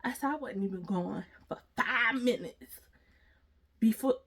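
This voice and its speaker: A woman tells a story to her viewers, dramatic and full of slang. Her voice is a touch high, and her delivery is big and expressive. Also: a little slow, husky. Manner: dramatic, talks straight to the viewers with slang and exaggeration. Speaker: storytime vlogger. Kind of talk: animated storytime vlog.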